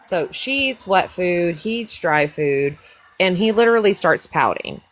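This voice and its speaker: A woman's voice: fairly low pitch, expressive, measured pace, a little hiss or hum, rough recording. A woman, a guest on a livestream, chatting casually and fondly about her dogs, with some swearing.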